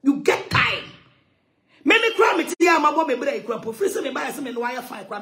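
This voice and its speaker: A woman ranting loudly in a heated monologue, switching between English and Twi, with shouting and sing-song outbursts. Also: sits high, very animated, brisk, reverberant. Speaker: social media commentator.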